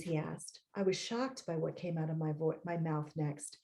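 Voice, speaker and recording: A woman author reading aloud from her own memoir in a measured, reflective way, with short personal asides, over a home computer mic on a video call. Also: low-pitched, fairly even intonation, creaky, mellow, a little hiss or hum.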